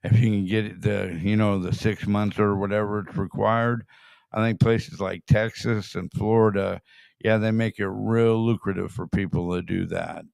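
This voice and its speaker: A man's voice: on the low side, steady tone, moderate pace, gravelly, darkish tone, no echo, clean studio sound. A man hosting a casual chat show, blunt and swearing freely. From California. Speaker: show host.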